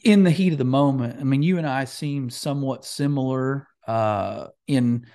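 A man hosts a podcast, asking long, winding questions that he keeps reworking, with a light joking tone. His pitch is ordinary for a man. He talks in a relaxed, conversational way. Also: normal speed. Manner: rambling, self-correcting questions, joking. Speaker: host.

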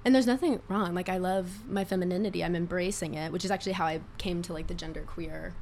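Animated young woman telling a story. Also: on the low side, quick pace, a little hiss or hum. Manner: animated storyteller using queer slang. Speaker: podcast guest. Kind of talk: casual storytelling chat.

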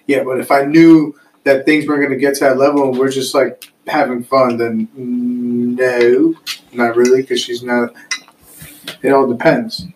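A man's voice: mid-range voice, little pitch movement, a little slow, rough recording. Easygoing man with faint hiss. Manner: easygoing, agreeable, hedging. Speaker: guest. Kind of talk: casual chat.

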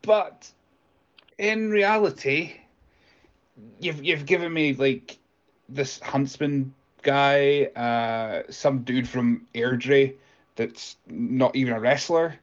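A man's voice: mid-range voice, slow, lo-fi sound, close to an everyday voice. A man voicing a self-important male podcaster who stammers through an indignant voice note. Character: pompous male podcaster leaving a scolding voice note.

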